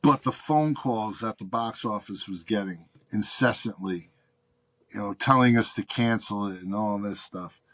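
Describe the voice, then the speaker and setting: A man's voice: lowish voice, a little slow, fairly bright tone. A man, a guest on a podcast, telling a story in casual chat, acting out the callers and swearing freely. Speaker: guest, venue box office manager.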